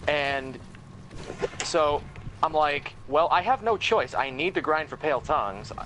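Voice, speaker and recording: A man's voice: fairly high pitch, animated, a little slow, noisy background. A man co-playing on a stream, rambling casually about a past game. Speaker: co-player. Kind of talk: casual gaming chat.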